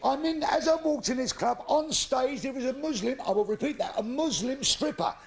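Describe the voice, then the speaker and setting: A man's voice: very high voice, moderate pace, creaky. A middle-aged man doing a crude, punchy live stand-up comedy routine with plenty of swearing. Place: stage before a live audience. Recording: live show with crowd laughter.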